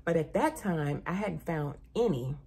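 A middle-aged woman chatting casually to camera about a shopping haul, an animated storyteller who often says "y'all.". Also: deep voice, moderate pace, slightly rough. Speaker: haul vlogger.

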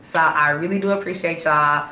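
A woman's voice: sits low, fairly even intonation, moderate pace, pushed and bright. A woman from Chicago talking casually to her viewers in a slangy, chatty vlog update that gets hyped up. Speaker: vlogger. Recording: roomy echo, faint background hum.

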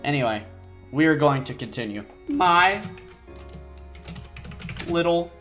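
A male gaming host chats his way through a game from his home setup. He jumps between low mumbles and high, excited squeals and keeps undercutting himself. Faint game music plays behind him. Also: slow. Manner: rambling and self-deprecating, with sudden excited squeals. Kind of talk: casual gameplay commentary. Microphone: desk mic, no face cam.

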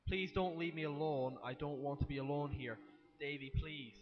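A man reading aloud as a frail, confused elderly mother in a horror game, in a soft, quavering voice. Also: on the high side, moderate pace, highs cut off, natural voice. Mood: pleading.

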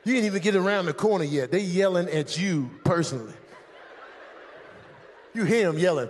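A man with a very high voice performs live stand-up on a comedy stage, talking into a handheld mic. He is animated and often bursts into shouted impressions of airport staff. A faint hum of noise sits under his voice. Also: normal speed, pauses often. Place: comedy stage with a laughing audience.

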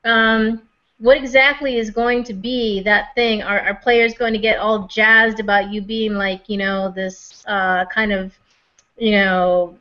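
A woman's voice: medium pitch, steady tone, takes it slowly, sharp tone. A woman co-hosting a casual discussion, asking long rambling questions with many restarts. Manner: talks in long questions full of restarts and fillers. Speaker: podcast co-host. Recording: dull lo-fi recording.

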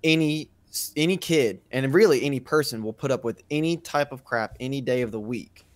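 A man's voice: mid-range voice, fairly quick, no echo. A man talking through a classroom example in a casual podcast discussion, thoughtful with frequent restarts. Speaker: teacher and podcast co-host.

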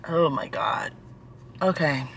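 A woman's voice: low voice, animated, slow pace, vocal fry, a bit bright, a little hiss or hum. A young woman vlogging from her car, venting with sighs about a bad salon visit. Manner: frustrated venting, sighing. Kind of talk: casual vlog talk to camera.

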